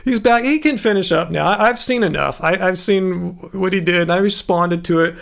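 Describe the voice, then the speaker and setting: A man's voice: high-pitched, moderate pace, creaky, fairly bright tone. A man hosting a live stream, answering viewers in a rambling, indignant way. He is starting to lose his voice. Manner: rambling, indignant, talks straight to chat.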